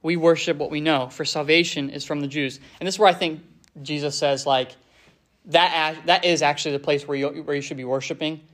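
A man teaching a Bible passage informally, reading verses and paraphrasing them in a relaxed, conversational way. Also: a little high, fairly quick. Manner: conversational, paraphrases scripture in casual speech.

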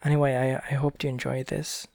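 A man reading a storybook aloud in a gentle, unhurried way, with small self-corrections. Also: mid-range voice, little pitch movement, gravelly, dry recording, clean studio sound. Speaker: reader.

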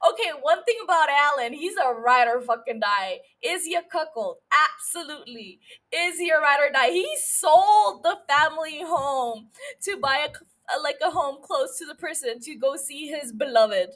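Woman, solo podcast host, casual recap, emotional, profane, bright tense tone. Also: sits high, moderate pace. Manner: emotional, profane, animated storytelling.

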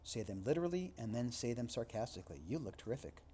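A man's voice: mid-range voice, very animated, quick pace, warm tone, breathy edge. A man teaching a recorded lecture, reading textbook passages and adding loose spoken asides with fillers. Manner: reads aloud, then adds loose asides with fillers. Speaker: instructor.

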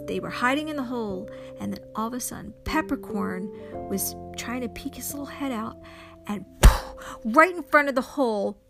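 A woman telling an improvised children's story slowly and expressively, with sound effects and gasps. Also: on the high side, creaky. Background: music.

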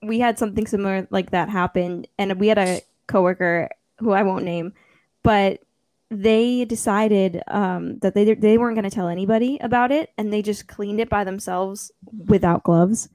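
A young woman in casual chat, telling a story with lively acted-out quotes and frequent laughter. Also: medium pitch, normal speed, dry recording. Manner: animated storytelling, acts out quotes, laughs often.

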